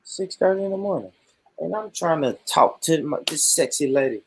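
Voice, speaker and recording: A man's voice: on the high side, animated, moderate pace, slight background noise, poor audio. A man hosting a casual livestream from home, joking and swearing playfully. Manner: playful, profane, joking banter. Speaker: livestream host. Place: at home, early morning.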